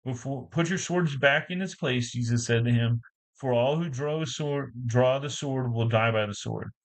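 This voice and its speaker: A man reads scripture aloud in a plain voice of middling pitch. His reading is unpolished, with small stumbles that he goes back to fix before carrying on. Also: low-quality recording. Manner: halting reading with frequent stumbles and self-corrections. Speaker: Bible reader.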